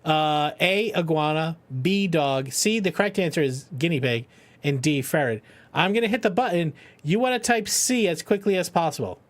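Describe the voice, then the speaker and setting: A man's voice: fairly high pitch, animated, moderate pace. A middle-aged man streaming a game for charity, chatting casually, joking, swearing and often laughing. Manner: rambling, jokey, swears freely, laughs often. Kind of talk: casual live-stream chat.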